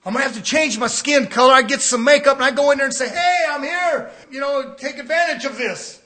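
Fiery preacher man, high bright voice. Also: fairly quick, few pauses. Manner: fiery preaching, swings from low murmurs to shouts. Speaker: pastor. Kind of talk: sermon.

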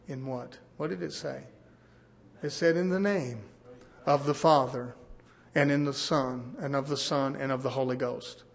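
A man preaching a sermon, swinging from loud to hushed. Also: a little high, fairly even intonation, moderate pace, gravelly.

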